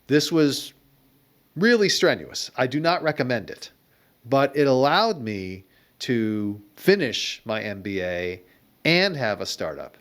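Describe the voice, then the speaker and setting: A man's voice: mid-range voice, big pitch swings, slow pace, a bit bright. A middle-aged man being interviewed as an entrepreneur, telling wry, reflective stories about his career in a conversational way. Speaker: guest entrepreneur. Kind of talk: conversational storytelling.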